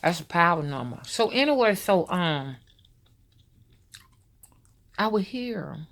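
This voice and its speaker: A woman's voice: on the low side, animated, slow pace, gravelly, a bit bright. A woman, a spiritual rootworker talking loosely and directly to her viewers. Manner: loose, storytelling, addresses viewers as y'all. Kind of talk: casual spoken monologue to viewers.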